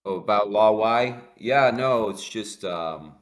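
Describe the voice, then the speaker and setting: A man calling in to a live stream, chatting casually in a relaxed, hesitant way with many fillers. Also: lowish voice, slow pace. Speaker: caller. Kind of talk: casual chat on a call.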